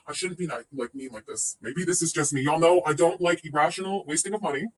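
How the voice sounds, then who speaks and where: A woman in her thirties hosts a casual livestream, reacting to another streamer with sarcasm, profanity, and frequent laughter. Her voice is low and brisk, sitting a bit far from the mic with slight background noise.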